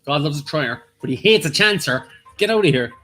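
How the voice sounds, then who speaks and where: Brief: Irish male co-host, jokey, bouncy lively pitch. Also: fairly quick, faint music behind. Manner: teasing, lively, jokey asides. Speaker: quiz co-host. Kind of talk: casual live-stream quiz banter.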